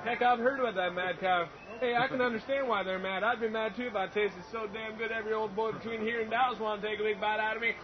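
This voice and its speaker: A comic actor playing a brash Texan cowboy reporter on a street, hollering and whooping. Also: male voice, high-pitched, steady tone, fast talker, few pauses, lightly acted. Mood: rowdy. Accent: Texan, put on. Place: outdoors on a busy city street. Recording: dull TV audio, loud crowd and traffic.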